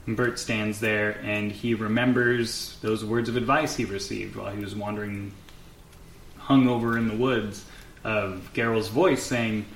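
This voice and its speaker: A man's voice: fairly low pitch, fairly even intonation, moderate pace, reverberant, slight background noise. A man narrating a tabletop game as game master, in a casual, filler-heavy way.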